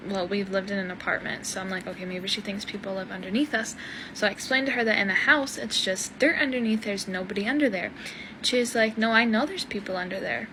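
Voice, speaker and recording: A mother recounts a story in a bemused, conversational way. Her voice is mid-pitched, with a noticeable layer of ambient noise running behind it. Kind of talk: casual storytelling. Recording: noisy background ambience.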